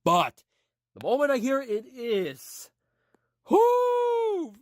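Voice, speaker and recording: A man's voice: on the high side, expressive, normal speed, no room sound, studio quality. Earnest man hosting an audio podcast. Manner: earnest, repetitive, with frequent restarts. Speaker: podcast host. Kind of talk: rambling motivational monologue.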